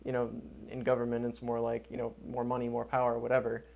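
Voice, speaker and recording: Male podcast co-host, mid pitch, easygoing and filler-heavy, self-deprecating, swears. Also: completely flat delivery, quick pace, gravelly, darkish tone. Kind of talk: casual podcast chat.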